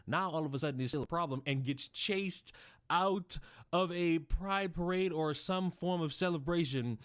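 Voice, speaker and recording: A man giving measured, wordy commentary that turns sarcastic when he mimics others. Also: fairly high pitch, no room sound, studio quality.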